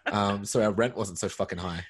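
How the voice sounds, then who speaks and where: A man's voice: fairly low pitch, brisk, husky. A man with an Australian accent, a podcast guest chatting bluntly and swearing freely. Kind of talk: casual podcast chat.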